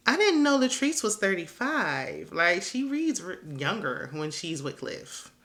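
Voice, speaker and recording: A woman's voice: medium pitch, sing-song, slow, fairly bright tone. A woman recapping a reality show in a casual, gossipy way, with sassy asides and frequent laughter. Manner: sassy, chatty, laughs often.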